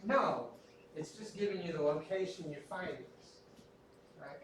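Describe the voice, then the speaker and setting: A man's voice: fairly high pitch, expressive, a little slow, background noise. A middle-aged man teaching an anatomy class, talking casually and joking as he goes. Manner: chatty, joking asides. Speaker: anatomy instructor. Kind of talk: classroom lecture. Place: large echoey classroom. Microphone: recorded from a distance. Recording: echoey classroom from far off.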